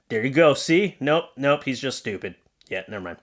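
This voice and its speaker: A man's voice: medium pitch, expressive, normal speed. Sarcastic man riffing on internet posts. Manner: sarcastic, exasperated, mock voices for quotes. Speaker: comedy commentary host. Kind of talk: casual reaction commentary.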